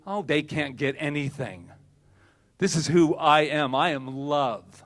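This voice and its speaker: A man preaching a sermon to a church congregation, animated, swinging between loud bursts and quiet asides. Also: fairly high pitch, slow pace. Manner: animated, acts out quoted voices, swings loud and soft. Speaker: minister. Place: church service hall.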